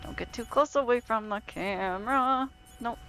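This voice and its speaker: A woman streaming a video game, chatting casually and excitably with frequent swearing and playful grumbling. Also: a little high, over music. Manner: chatty, excitable, quick reactions and self-talk. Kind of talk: casual live-stream gameplay commentary.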